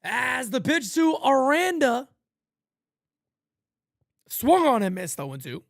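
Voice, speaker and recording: A man's voice: extremely high pitch, very animated, slow, creaky, heavy background noise. A man hosting a live play-by-play stream, calling the game with sarcastic, exasperated fan commentary. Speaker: host.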